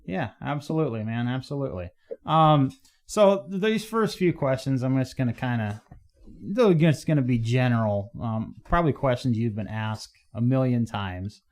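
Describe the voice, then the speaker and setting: Casting: easygoing man hosting a podcast, mid-pitched, chatty, often restarting his questions. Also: animated, moderate pace, a little mellow. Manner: casual, hesitant, with restarts. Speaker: podcast host. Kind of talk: casual interview talk.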